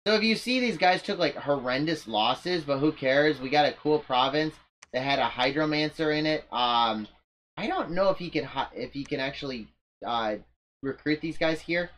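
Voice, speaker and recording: A man's voice: a little high, expressive, normal speed, a bit bright, slight background noise. Rambling man narrating a strategy game. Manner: rambling, self-mocking, often restarts sentences. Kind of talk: casual let's-play commentary.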